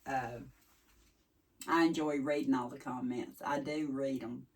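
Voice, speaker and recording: A woman's voice: rumbling low, steady tone, unhurried. A woman from East Tennessee with a Southern accent, chatting casually to her viewers in a folksy, rambling way. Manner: folksy, chatty, wanders off track. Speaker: vlogger. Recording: voice a little distant from the mic.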